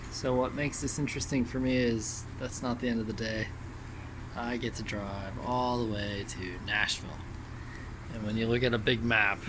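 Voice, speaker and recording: A man's voice: on the low side, background noise. A man from Florida casually talking through a travel vlog, rambling with fillers. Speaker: vlogger. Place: on the road, car and stops.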